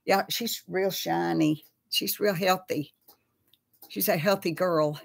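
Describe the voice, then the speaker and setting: A woman's voice: on the low side, fairly even intonation, slow, gravelly. Chatty Texan woman hosting a live chat. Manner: chatty and homey, addressing viewers as y'all. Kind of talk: casual live-stream chat with viewers.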